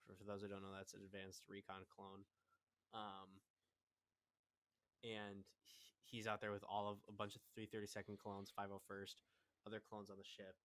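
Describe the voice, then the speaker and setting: A man's voice: lowish voice, monotone, normal speed, fairly bright tone. A young man co-hosting a podcast in casual fan discussion, recapping scenes at length and stopping to correct himself. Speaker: podcast co-host.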